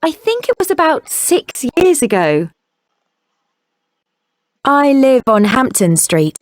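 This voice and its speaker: A woman acting a friendly young woman in a coursebook listening dialogue, speaking clearly and carefully. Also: high voice, very animated, slow pace, dry recording, full character voice.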